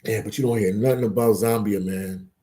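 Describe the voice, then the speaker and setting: Laid-back guy live streaming, deep-ish warm voice, reads chat out loud and keeps repeating stuff. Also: fairly even intonation, brisk. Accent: Philadelphia. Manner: loose, repeats phrases, banters with chat.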